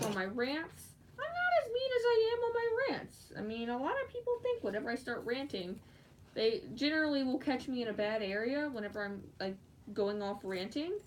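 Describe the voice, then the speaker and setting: A woman chatting casually while she crafts, giggling often and breaking into excited squeals. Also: mid-range voice. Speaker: fursuit maker streaming live. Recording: distant mic with faint background noise.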